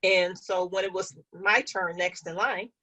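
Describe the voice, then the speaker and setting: A woman's voice: fairly low pitch, fairly even intonation, measured pace, pushed and bright, rough recording. A woman guest in an interview, telling a personal story in an earnest, conversational way and speaking with conviction.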